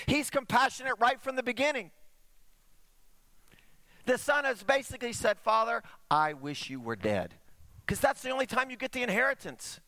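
Man, pastor preaching, high voice, sharp bright tone, dry close sound. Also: no room sound. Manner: animated preaching, drops to quiet asides, slows for emphasis; asks the congregation "Amen?". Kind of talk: sermon.

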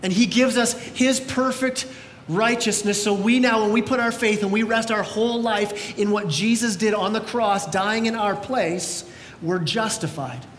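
A man with a high voice preaches a sermon in a large church, his words ringing through a long, roomy echo. He talks with energy, restarting and repeating words as he pushes his point. A faint low rumble sits under the room. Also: a little slow. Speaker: pastor.

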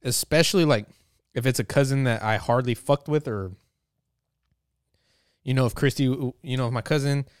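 Smooth-voiced man rambling profanely. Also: medium pitch, moderate pace, pauses often, dry recording, studio quality. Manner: profane, joking, full of fillers. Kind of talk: casual rambling monologue.

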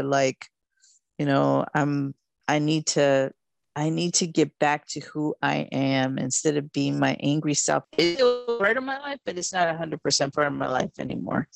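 Low gravelly older mother, earnest. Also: dry recording. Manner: earnest, searching for words. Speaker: podcast co-host. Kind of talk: casual podcast chat.

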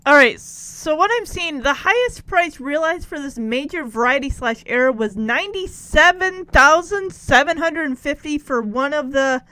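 A woman's voice: high-pitched, lively intonation, moderate pace, few pauses, pushed and bright, no echo. A woman chatting casually as she recaps an old TV episode and talks back to its characters. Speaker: show recapper.

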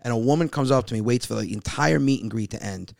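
Man in his 40s, comedian guest, quick talker, lively storyteller, acts out the voices, gets loud and emphatic. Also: mid-range voice, creaky. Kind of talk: casual podcast chat.

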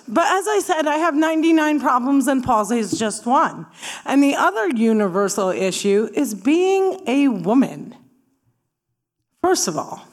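A woman from Palestine doing stand-up comedy, punchy and sarcastic, rising to emphatic bursts. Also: on the high side. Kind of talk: stand-up talk with audience.

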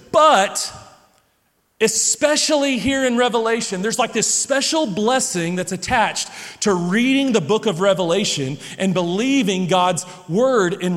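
A man with a high voice preaching in an animated, conversational way, breaking into loud shouts. His voice carries a long reverb from a large church hall. He sounds like a pastor in his thirties. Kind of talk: sermon.

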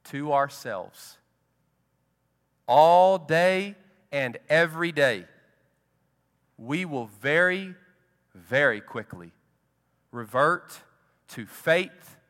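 Male pastor, sermon, slow emphatic delivery, high voice, long church reverb. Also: animated. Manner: slow, emphatic preaching with dramatic drops to quiet.

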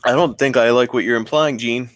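A man's voice: medium pitch, fairly even intonation, fairly quick, dry recording, voice pushed up, close to an everyday voice. A man doing a smug, smirking wrestling villain. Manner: mock-offended, smirking. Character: smug male wrestling villain feigning innocence.

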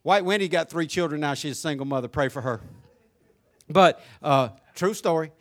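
In a church sanctuary, a pastor with a voice high for a man preaches a sermon at normal speed, his tone bright and forceful. He swings from quiet, conversational asides up to loud, excited, shouted praise.

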